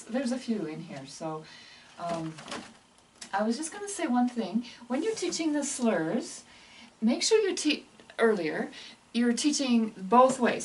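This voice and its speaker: A woman talks other teachers through piano pieces in a relaxed, chatty way. She sounds a little distant from the microphone. Faint piano notes sit behind her voice. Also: a little high. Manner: chatty, explains while demonstrating on piano. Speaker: music teacher trainer. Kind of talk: casual instructional walkthrough.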